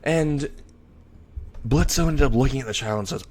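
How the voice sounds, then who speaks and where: A man's voice: medium pitch, normal speed, long pauses, darkish tone. A man narrating a fan-made story in a casual, rambling way, restarting words and swearing casually.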